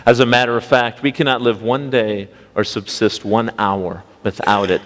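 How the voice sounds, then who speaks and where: A man's voice: mid-range voice, steady tone, moderate pace, fairly bright tone. A young man, a pastoral intern, preaching a storytelling sermon in a folksy, anecdotal manner, asking the congregation rhetorical questions. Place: church sanctuary. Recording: long church reverb.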